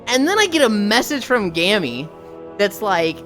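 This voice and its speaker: A woman's voice: mid-range voice, very animated, moderate pace, a bit bright, soft background music. A woman livestreamer who chats casually with her viewers, swears freely, and laughs often. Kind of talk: casual stream chat.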